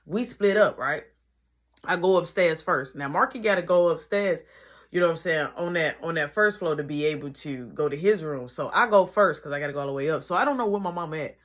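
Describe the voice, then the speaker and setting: A man telling a comedic story from his childhood, animated and acting out each person. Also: a little high, brisk. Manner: animated, acts out every voice.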